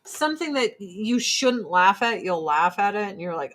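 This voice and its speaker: A woman's voice: medium pitch, very animated, normal speed, a bit bright, slight background noise. A woman chatting casually and bluntly while doing her makeup, swearing freely as she gives her opinions. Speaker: streamer.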